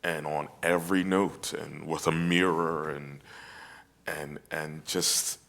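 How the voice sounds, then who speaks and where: Very deep-voiced man, reflective and halting. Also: flat delivery, vocal fry, a bit bright. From United States. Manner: reflective, halting with many restarts. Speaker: opera singer, guest. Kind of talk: casual conversation.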